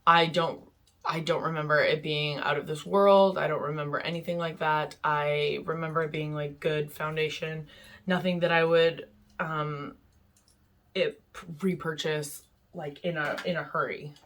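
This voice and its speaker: Young woman, low voice, casual candid beauty vlogger, chatty. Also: fairly even intonation, a little slow, a bit bright. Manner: chatty, candid, frequent fillers. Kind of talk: casual product review. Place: home in Vancouver.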